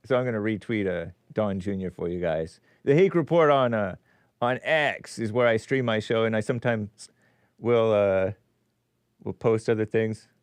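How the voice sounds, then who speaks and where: A man's voice: lowish voice, normal speed, smooth, no room sound. Sarcastic male talk-show host. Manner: sarcastic, mocking asides. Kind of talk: live-stream commentary show.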